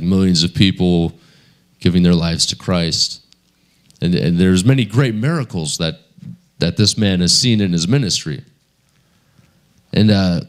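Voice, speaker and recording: A man preaching a sermon in a conversational storytelling manner. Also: low voice. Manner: conversational storytelling with many fillers.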